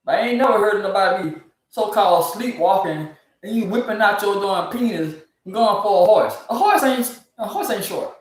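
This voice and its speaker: Speaking in a mid-range voice at a slightly quick clip, someone rants in disbelief about strange news stories, laughing often in a loose, comedic commentary. The sound is very echoey, as if recorded far from the microphone.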